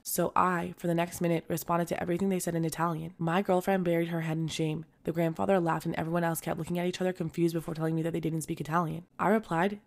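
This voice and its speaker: A woman narrating online stories aloud in an animated, punchy way, with sudden loud emphasis. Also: fairly low pitch. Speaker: storytime narrator.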